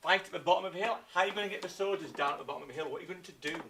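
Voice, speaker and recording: A man with an English accent teaching a live online history lesson to children, telling the story with lively acted-out voices. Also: high-pitched, racing, slight background noise. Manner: lively storytelling, acts out scenes in silly voices. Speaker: primary school teacher.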